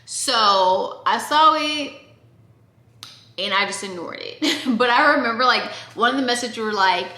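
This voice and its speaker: Bright, chatty young woman in echoey room. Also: a little high, measured pace. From Oregon, USA. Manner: chatty, animated, addresses viewers directly. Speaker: vlogger. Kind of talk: casual storytime.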